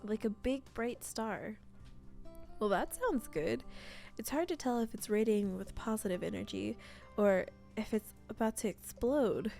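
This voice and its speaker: A woman's voice: mid-range voice, animated, normal speed, creaky, warm tone, faint music behind. A woman hosting a let's play, reading a cozy role-playing game's text aloud with playful asides. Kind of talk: let's play narration of a visual novel.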